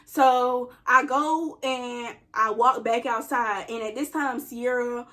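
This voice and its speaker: A young woman with a high, light voice tells a story in casual chat. She is animated and often breaks into laughter while acting out quotes. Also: takes it slowly. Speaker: co-host telling a story.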